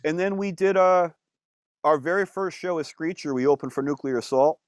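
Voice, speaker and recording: A man, a musician guest, telling stories in a casual interview, animated, with lots of fillers and some swearing. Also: a little high, normal speed, dry recording, studio quality.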